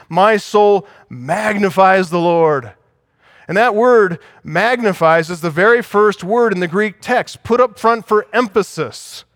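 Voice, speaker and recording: A man's voice: high voice, fairly bright tone, no room sound, studio quality. A man preaching a sermon as pastor, teaching and asking the congregation for agreement.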